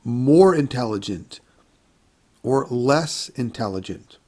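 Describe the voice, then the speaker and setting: A man teaching an English grammar lesson to learners, speaking deliberately and repeating words for them to hear. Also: mid-range voice, lively intonation, mellow. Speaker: English instructor.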